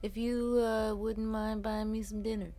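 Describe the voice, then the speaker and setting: A woman's voice: a little high, little pitch movement, measured pace, warm tone. A woman comedian co-hosting a casual podcast, joking in a playful, blunt way. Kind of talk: casual chat.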